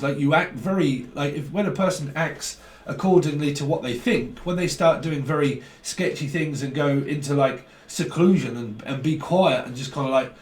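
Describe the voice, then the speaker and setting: A man giving a casual, rambling tarot reading, animated and full of slang and swearing. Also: on the high side, moderate pace. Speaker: tarot reader. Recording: roomy sound from a mic at a distance.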